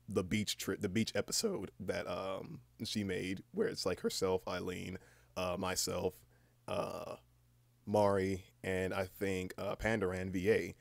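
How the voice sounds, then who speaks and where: A young livestreamer, freshly awake, chats casually with his stream in a low, gravelly voice that cracks now and then. He rambles, fills gaps with fillers, restarts constantly, and swears offhandedly. The audio has no echo.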